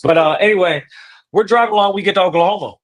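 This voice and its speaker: Animated, profane man telling a story. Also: high-pitched, racing. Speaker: podcast host. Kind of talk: casual storytelling.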